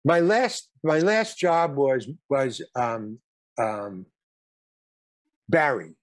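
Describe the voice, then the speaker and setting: A man's voice: medium pitch, lively intonation, drawn-out words, no echo. Rambling older man telling stories. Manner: rambling, with repeated words and restarts; blunt, with occasional swearing. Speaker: guest actor and comedian. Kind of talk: casual anecdote telling on a talk show.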